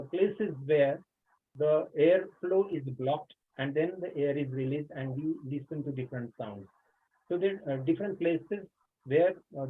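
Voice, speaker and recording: A man's voice: a little high, breathy edge. A man giving a webinar lecture to teachers, explaining patiently with many "uh" fillers. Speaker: teacher trainer. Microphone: video call. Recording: tinny phone-like online call audio.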